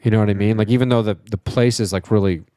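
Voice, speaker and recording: A man's voice: fairly low pitch, fairly even intonation, fast talker, dark tone, clean tone, dry recording, clean studio sound. A man co-hosting a podcast, telling a story in casual chat, full of fillers and swearing. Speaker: podcast co-host.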